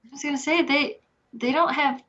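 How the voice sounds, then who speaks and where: A woman co-hosting a podcast in casual live-stream chat, chatty and excitable with quick replies. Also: sits high, a crowd in the background. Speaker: podcast co-host. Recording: dull lo-fi sound.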